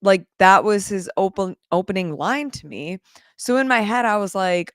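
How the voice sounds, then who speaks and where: Woman, livestream host, casual chat, candid, laughs often, smooth resonant voice. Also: medium pitch, normal speed, no echo, clean studio sound.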